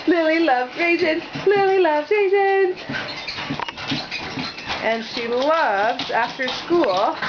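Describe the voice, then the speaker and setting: High-voiced mother cooing at her toddler. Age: adult. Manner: playful, cooing sing-song baby talk. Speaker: parent filming her toddler. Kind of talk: home video chat to a toddler. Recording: muffled home video, background noise.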